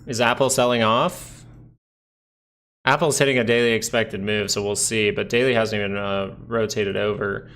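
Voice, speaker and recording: A man's voice: fairly low pitch, steady tone, normal speed, a bit bright. A man hosting a casual stock market livestream, talking through chart signals in a chatty, rambling way and greeting viewers by name. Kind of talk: casual live chart analysis with chat.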